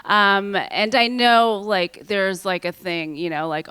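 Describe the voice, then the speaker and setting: A woman's voice: lowish voice, fairly even intonation, slow, bright, forceful tone, smooth, no echo. A woman doing a rambling stand-up comedy set on a theater stage, with lots of filler words, into a handheld mic. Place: theater stage with live audience.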